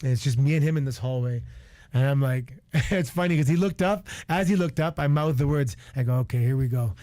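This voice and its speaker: Retired wrestler, 40s, from Canada; slightly high-pitched, blunt, profane storyteller, dry studio sound. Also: male voice, fairly quick, warm tone, no echo. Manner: candid and profane, lots of restarts and quoted asides. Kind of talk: animated storytelling on a radio show. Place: radio studio.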